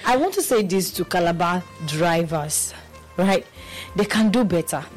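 A young Nigerian woman co-hosting a radio show, telling stories in animated casual chat with many restarts, her voice a bit off from feeling unwell. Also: lowish voice, unhurried, faint music behind, poor audio. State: under the weather, voice affected. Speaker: radio co-host.

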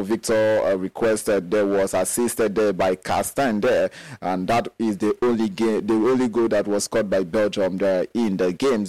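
Sing-song Nigerian radio sports host. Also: male voice, mid-range voice, a little mellow, dry recording, low-quality recording. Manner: chatty, sing-song, halting with many fillers.

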